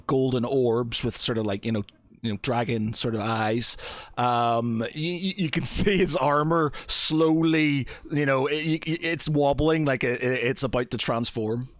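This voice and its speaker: A man's voice: medium pitch, fairly bright tone, dry recording. A man narrating as game master of a tabletop game, hesitant and full of fillers.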